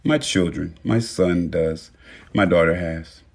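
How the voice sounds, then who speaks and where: A man hosting a casual live-stream talk on his phone, animated and profane, swinging between loud bursts and low murmurs. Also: takes it slowly, vocal fry.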